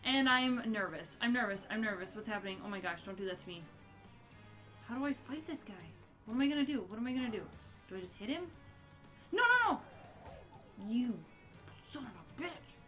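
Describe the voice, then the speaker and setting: A woman giving excitable live commentary as she streams a video game, gasping and yelping at what happens on screen. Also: mid-range voice, fast talker, soft background music.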